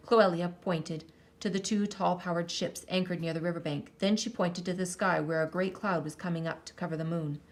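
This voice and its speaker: Female storyteller, lowish, expressive read-aloud. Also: moderate pace. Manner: expressive, lingering on counts and sound words. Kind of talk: reading a children's story aloud.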